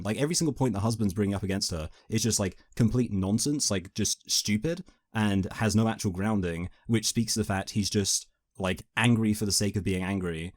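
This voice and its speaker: A man's voice: lowish voice, quick pace, hardly any pauses, dry recording, clean studio sound. A man co-hosting a film review podcast, talking casually and rambling with lots of fillers. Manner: animated, rambling with many "like" fillers.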